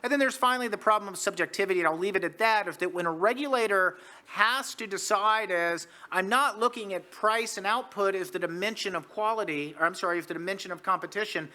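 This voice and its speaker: A man from the United States gives an economics lecture at a conference, with a high voice for a man and a bright, sharp tone. He argues briskly and keeps throwing rhetorical questions at the audience. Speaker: economics professor, panelist. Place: conference hall.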